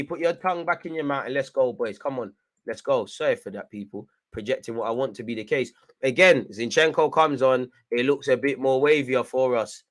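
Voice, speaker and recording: With a medium-pitched voice and a brisk pace, a young man gives lively fan commentary on a football match as it happens. He urges the players forward, his mood swinging from frustrated to hyped.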